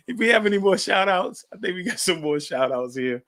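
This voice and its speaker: Bright, forceful man hosting a podcast. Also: sits high, animated, a little fast, no echo, clean studio sound. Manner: chatty, laughing, folksy storyteller. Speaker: podcast host. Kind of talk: casual podcast monologue.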